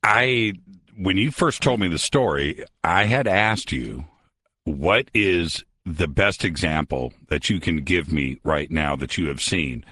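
A man hosting a late-night radio talk show from a studio, introducing his guest and asking him questions with energetic promo-style delivery. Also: sits low, slow pace, breathy edge.

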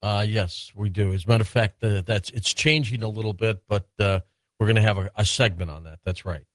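A man's voice: on the low side, steady tone, a little fast, no echo. Male call-in radio host, short questions, dry close studio mic. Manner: brief prompting questions. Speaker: radio talk show host. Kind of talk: late-night radio call-in talk.

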